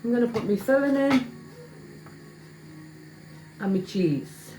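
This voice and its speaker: Music plays in the background as a woman with a higher voice cooks in her echoey home kitchen, pans clattering, chatting to vlog viewers and teasing herself. She speaks slowly but with lively intonation.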